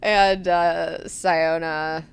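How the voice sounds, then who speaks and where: A woman's voice: low-pitched, very slow, clean tone. Woman animatedly recapping a book. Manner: animated, profane storytelling. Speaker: book club host. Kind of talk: casual chapter recap.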